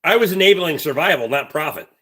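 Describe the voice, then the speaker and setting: A livestream host rambles through stories in a blunt, casual, heavily profane way. His voice is slightly high, with a bright, edgy tone and a breathy edge. He's expressive and talks fast.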